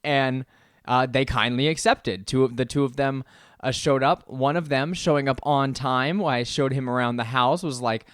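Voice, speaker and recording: A young man co-hosting a podcast, telling a story in casual chat, lively and laughing often as he acts out what people said. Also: mid-range voice, moderate pace, no echo, clean studio sound. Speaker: podcast co-host.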